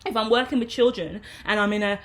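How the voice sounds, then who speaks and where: A woman's voice: fairly high pitch, fast talker. A woman, a tarot reader, talking frankly and loosely in a casual vlog monologue. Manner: frank, rambling, conversational.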